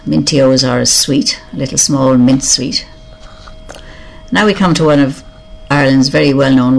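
An older speaker with an Irish accent reads out a list of words one by one, slowly musing on each meaning and often admitting they are unsure. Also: mid-range voice, creaky, a little hiss or hum. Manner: slow, musing, reads each word aloud, then explains it or admits not knowing. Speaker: reader of a word list. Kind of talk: reading and explaining a word list.

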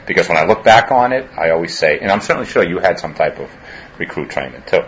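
A campus police officer with a Boston accent, talking earnestly in an interview and often saying "you know". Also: male voice, low-pitched, lively intonation, quick pace, fairly bright tone, lo-fi sound, slight background noise.

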